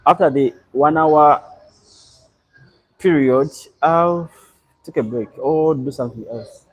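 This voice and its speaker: A young man from Uganda, hosting a live stream and chatting in a relaxed, rambling way as he answers viewers. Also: on the high side, slow, slightly rough, lo-fi sound. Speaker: livestream host. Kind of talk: casual live stream chat.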